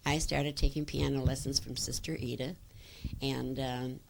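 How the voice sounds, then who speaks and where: A woman's voice: a bass voice, flat delivery, moderate pace, gravelly, a little mellow, slight background noise. An older woman telling stories from her childhood in an oral history interview, rambling with fillers and restarts.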